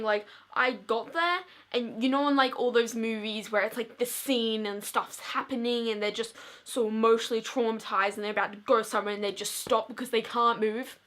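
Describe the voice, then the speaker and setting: A teenage girl tells a story to her vlog audience in a chatty, dramatic way, peppering every sentence with "like". Her voice sits a little high and sounds bright and crisp. She plays up her own panic for effect. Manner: chatty, dramatic, fills speech with "like". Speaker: vlogger.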